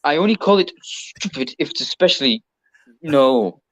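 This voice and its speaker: A man's voice: fairly high pitch, lively intonation, moderate pace, a bit bright, dry recording, low-quality recording. A man with an English accent, a podcast guest, chatting casually and rambling with lots of ums and restarts. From Britain. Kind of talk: casual chat.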